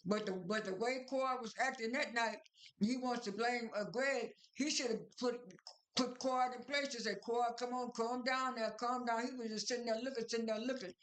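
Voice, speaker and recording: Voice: mid-range voice, fairly even intonation, moderate pace, fairly bright tone, echoey room. A speaker casually recapping a reality show at home, rambling through scenes with many fillers, restarts and retold dialogue.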